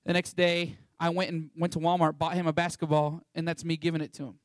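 Telling his testimony to an audience, a ministry school student from Texas, a young man, moves briskly and playfully through the story and takes on the voices of its characters. For a man his voice is slightly high. The sound is dry and close, with little room reflection and no echo.

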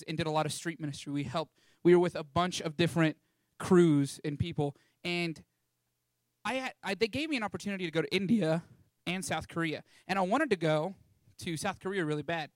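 A man's voice: fairly high pitch, brisk, dry recording, clean studio sound. A young man of about eighteen from Texas, giving a casual, rambling testimony talk about a mission trip, with lots of fillers. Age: young adult, about 18.

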